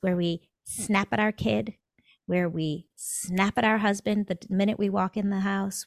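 A woman guest on a podcast talks in an animated, storytelling way, slipping into the voices of the people she quotes. Her voice sits in a middle pitch. The recording is dry and close, with no room sound. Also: no room sound. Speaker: podcast guest, dentist and coach. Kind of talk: conversational podcast interview.

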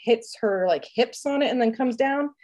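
A woman's voice: on the high side, normal speed, darkish tone. A woman in her thirties chatting casually as a podcast co-host, full of fillers and frequent laughter. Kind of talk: casual chat.

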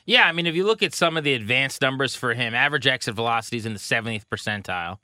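A man co-hosting a baseball podcast, casually rattling off pitching stats with a wry edge. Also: animated, very fast, sharp tone, no room sound, studio quality. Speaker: podcast co-host. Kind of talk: casual sports talk.

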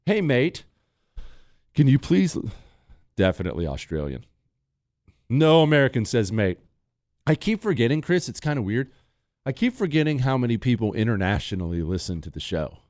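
A man's voice: lowish voice, very animated, brisk, darkish tone, no room sound, studio quality. A young adult man hosting a radio show, bantering and joking in casual talk. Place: radio studio. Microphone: studio mic.

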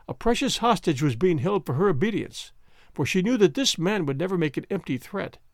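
A man narrates a historical novel with expressive, dramatic storytelling. His fairly high voice moves through a lively, wide range, and the recording is dry and close with little room sound. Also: no echo. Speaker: audiobook narrator. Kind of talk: scripted narration.

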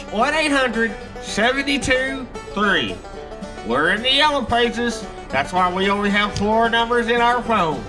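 Man doing a crude ad pitchman. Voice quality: crude, drawling. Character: rowdy southern country man pitching alarms. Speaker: spoof ad pitchman. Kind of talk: spoof radio ad. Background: country guitar music.

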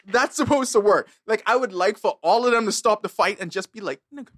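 A man's voice: high-pitched, fairly quick, dry recording, clean studio sound. A man co-hosting a podcast, joking and swearing in casual banter. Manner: animated, joking, profane. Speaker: podcast co-host.

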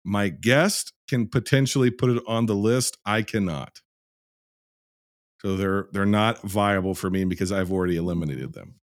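Reviewing films on his podcast, a man with a lowish voice chats casually but swears, rants, and speaks sardonically. He talks at a normal speed, and the studio-quality recording has no echo.

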